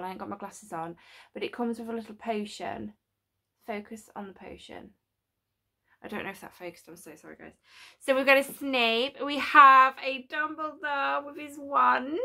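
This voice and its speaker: A woman filming a casual home unboxing vlog, gushing and excitable, sometimes dropping to a whisper. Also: fairly high pitch, moderate pace, creaky. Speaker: unboxing vlogger. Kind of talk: casual chat to camera. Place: home studio.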